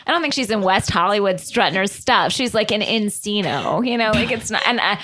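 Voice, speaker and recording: A woman co-hosting a podcast in casual chat, animated and gushing, quick to laugh. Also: mid-range voice. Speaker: podcast co-host.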